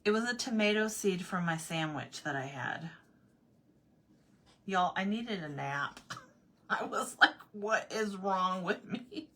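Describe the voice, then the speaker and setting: A woman originally from Arizona telling a funny everyday story in a casual vlog, animated, repeating herself and laughing often. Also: fairly low pitch, measured pace, long pauses. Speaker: vlogger.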